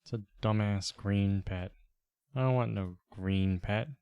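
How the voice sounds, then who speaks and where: A man's voice: lowish voice, unhurried, dark tone, clean tone, no room sound, highs cut off. A man playing an online game with a friend, chatting casually and making dry, wry remarks. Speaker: fellow player. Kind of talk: casual gaming chat.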